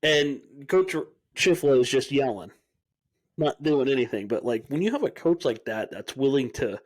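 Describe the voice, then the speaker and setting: Young man, podcast co-host, casual chat, animated storytelling, swears freely. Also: medium pitch, moderate pace.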